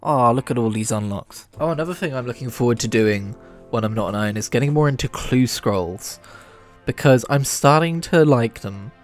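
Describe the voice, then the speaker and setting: A man's voice: medium pitch, moderate pace, soft background music. A man giving casual, wry commentary over a game playthrough, often swearing and joking. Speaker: gaming video creator.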